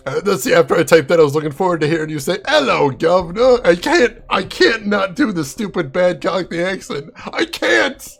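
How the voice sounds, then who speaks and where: A man's voice: a little high, fast talker, gravelly, hardly any pauses, soft background music. A man live-streaming a game in a chatty way, laughing often and answering viewers by name. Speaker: game streamer reading chat. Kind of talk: casual live-stream chat.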